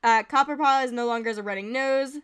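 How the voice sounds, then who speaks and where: A woman's voice: a little high, fast, a bit bright, smooth. A woman streamer giving casual, giggly commentary as she reads game events aloud.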